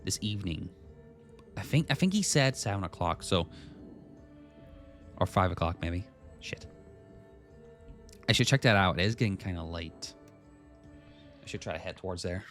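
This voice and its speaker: A male streamer talks casually to his chat while playing, greeting viewers by name and musing over quests. His pitch moves a lot, and faint music plays under his voice. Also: animated, moderate pace, long pauses. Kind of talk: casual game streaming, reading game text aloud.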